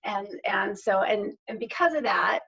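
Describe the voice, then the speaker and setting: A woman's voice: mid-range voice, animated, normal speed, a bit bright, slightly rough. Middle-aged woman on a podcast, earnest storytelling, keeps restarting phrases, slightly muffled lo-fi audio. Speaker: podcast guest. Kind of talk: personal storytelling in a podcast interview.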